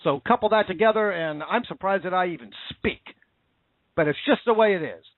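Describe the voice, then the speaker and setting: A man's voice: high-pitched, brisk, no room sound. Impassioned man on a tinny line. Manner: impassioned, repetitive, indignant. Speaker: talk show host. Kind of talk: casual political commentary.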